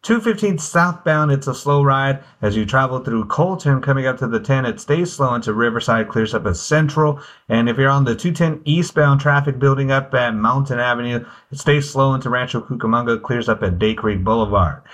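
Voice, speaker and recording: A man giving a radio traffic report in a brisk, practiced broadcast manner. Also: medium pitch, fairly bright tone. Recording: radio broadcast with faint music bed.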